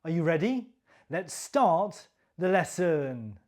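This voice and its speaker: Woman teacher doing slow pronunciation drills, kinda low voice but really sing-song, super careful enunciation. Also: sing-song, a little mellow. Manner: careful, deliberate enunciation with exaggerated intonation for repetition.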